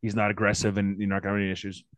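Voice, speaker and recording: Give me a quick, profane, exasperated man venting his story in casual chat, dry close recording. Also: on the low side, dry recording. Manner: animated, exasperated. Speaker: podcast co-host.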